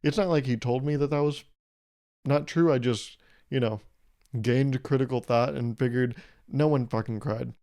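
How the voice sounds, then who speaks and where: A young man with a dark, medium-pitched voice hosts his podcast solo at a moderate pace. He rambles through comedic bits with sarcastic mock-seriousness and laughs at what he says.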